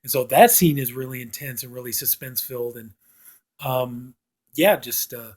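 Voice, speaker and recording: A man's voice: medium pitch, moderate pace, darkish tone. A man giving a casual film review, rambling and filling his talk with "you know". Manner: rambling, heavy use of "you know" fillers; acts out quoted lines from the film.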